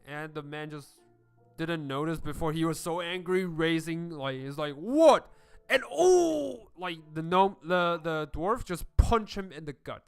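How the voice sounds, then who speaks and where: A man's voice: fairly high pitch, steady tone, moderate pace, fairly bright tone, smooth, no echo, soft background music. A man narrating a tabletop game as game master, hesitant with many fillers.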